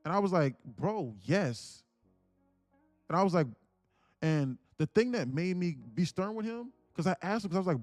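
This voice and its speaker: A young man livestreaming, telling a family story in a blunt, animated rant and saying "bro" constantly. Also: high-pitched, moderate pace, no echo, soft background music. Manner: blunt, repeats "bro" constantly, grows louder and more insistent. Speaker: livestream day trader.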